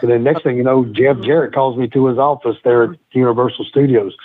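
A middle-aged man spins brash, profanity-laced anecdotes in a loose, rambling way, often breaking into quick laughs. His voice is husky and a little rough. The sound is thin and tinny, as if it is coming through a phone line. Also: medium pitch, steady tone. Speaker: guest, former pro wrestler. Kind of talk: casual storytelling interview.

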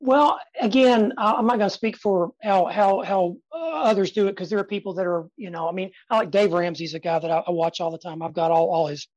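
A man in his fifties, a guest speaker in a podcast interview, talking energetically and emphatically with dramatic pauses and sudden soft drops. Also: high voice, dry recording, lo-fi sound. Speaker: guest speaker and sales trainer.

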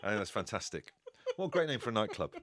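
A man's voice: fairly low pitch, sing-song, quick pace, very noisy. A man co-hosting a podcast with playful, joking banter. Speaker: podcast co-host.

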